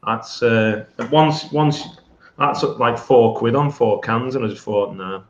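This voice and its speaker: A male guest chatting casually on a live stream, relaxed and a little hesitant. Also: mid-range voice, slow, slight background noise. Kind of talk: casual chat. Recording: echoey, dull remote audio.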